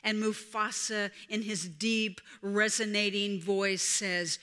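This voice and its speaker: A woman preaching a sermon as a story, swinging from hushed whispers to loud, emphatic peaks. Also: medium pitch, steady tone, slow pace, few pauses, smooth. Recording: reverberant hall.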